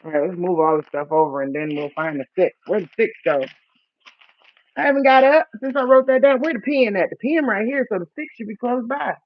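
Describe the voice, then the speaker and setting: A man's voice: sits high, expressive. A man chatting casually while he sets up seeds for his first garden. He jokes about himself and stumbles as he reads planting instructions aloud. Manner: chatty, self-mocking, reads labels aloud haltingly. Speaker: vlogger. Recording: dry, tinny phone-like sound.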